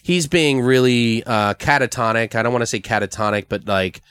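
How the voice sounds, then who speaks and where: A man's voice: mid-range voice, moderate pace, a bit bright, smooth. A man casually brainstorming a story on a podcast, rambling with lots of fillers and swearing. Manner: rambling, profane, full of fillers. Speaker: podcast co-host.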